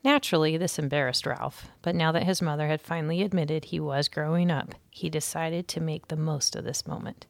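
A woman teacher reads a children's chapter book aloud for young listeners, giving each character a voice. Her voice is lowish with a gravelly edge, recorded dry and close. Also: steady tone, a little fast, few pauses, no echo. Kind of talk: storybook read-aloud.

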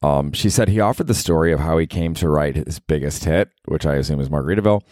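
A very deep-voiced man rambles through a solo comedy podcast, loose and slangy, full of "like" and "dude." The sound is dry and close to the mic. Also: fast, darkish tone, dry recording. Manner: rambling, slangy, laid-back, lots of "like" and "dude". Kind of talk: casual comedic monologue.

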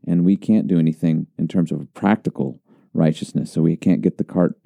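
A man's voice: low voice, fairly quick, gravelly, mellow, no room sound, studio quality. A man who is a pastor, earnestly explaining doctrine on a teaching podcast with an emphatic tone.

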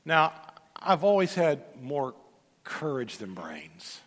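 A middle-aged man preaches in a large church sanctuary, his fairly high voice carrying a long reverb through the room. He tells folksy stories with joking asides and often restarts or repeats words as he builds toward a point. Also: sing-song, slow pace, fairly bright tone. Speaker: pastor. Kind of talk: sermon.

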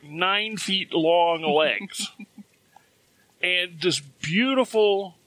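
A middle-aged man spins a personal story in a casual, chatty way. His voice sits a little high and sounds bright and forward. He often breaks into a chuckle at his own jokes. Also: dry recording.

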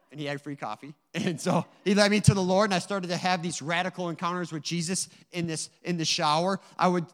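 In a large hall, a man with a slightly high voice shares his testimony as a guest speaker at church. He's earnest and emotional, telling his story with many asides.

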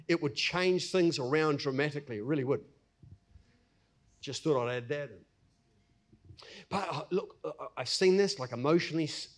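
A middle-aged pastor, preaching in a conversational way and acting out everyday scenes. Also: male voice, on the high side. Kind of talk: sermon.

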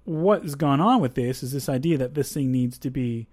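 A man's voice: mid-range voice, normal speed, darkish tone, dry recording, clean studio sound. A man hosting a faith podcast, talking casually and thinking aloud with asides and restarts. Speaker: podcast host.

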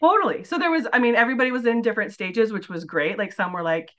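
A woman's voice: a little high, quick pace, fairly bright tone. A woman in her forties, a podcast guest chatting casually and telling her story with lots of filler words. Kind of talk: casual interview chat.

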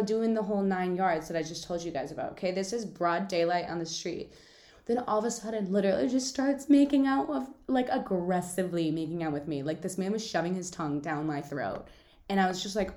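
A woman's voice: lowish voice, a little mellow, echoey room. A young woman hosting her own podcast, chatting casually and telling stories with lots of fillers and giggles. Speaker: podcast host. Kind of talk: casual solo podcast chat.

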